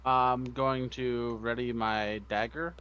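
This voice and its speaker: Very slow-talking male player. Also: medium pitch, flat delivery, a bit bright, clear, resonant tone, highs cut off. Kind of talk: casual tabletop game chat.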